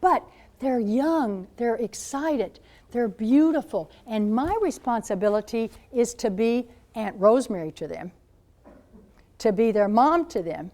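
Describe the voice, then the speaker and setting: A woman in her seventies, a Catholic nun speaking to high school students as a guest speaker, telling stories in an animated way and acting out what people said. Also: unhurried. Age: 70s. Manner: animated storyteller, acts out quoted voices. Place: school gathering room.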